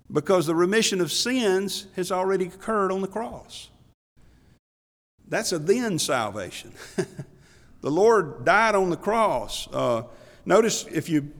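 A man's voice: a little high, big-room sound. A man preaching a sermon from the pulpit, emphatic, repeating his questions and chuckling now and then. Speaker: pastor. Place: church pulpit.

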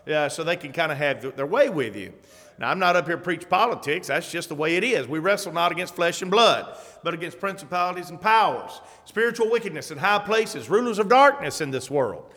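A man preaching a sermon in a church, his high, bright voice ringing out with a long hall reverb. He tells a story with dramatic flair, belting out the crowd's cries, then drops back into easy, conversational asides that check in with the congregation. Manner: conversational asides with frequent "okay?".

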